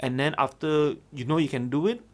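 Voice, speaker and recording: A man's voice: on the high side, fairly quick. A man with a Malaysian English accent, a guest comedian talking casually, with lots of fillers and agreeing noises. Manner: relaxed, many fillers, frequent affirmations. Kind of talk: casual chat.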